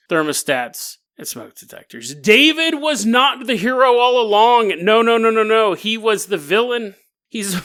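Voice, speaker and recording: Male podcast host, comic storyteller, lively swinging delivery with a bright tone. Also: high-pitched. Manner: animated, jokey, laughs mid-sentence. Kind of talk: comedic storytelling.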